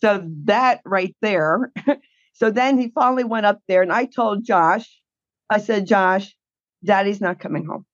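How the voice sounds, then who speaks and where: A woman's voice: medium pitch, a little slow, dry recording, dull audio. A woman guest telling her caregiving story in a blunt, indignant way. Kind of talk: emotional personal account.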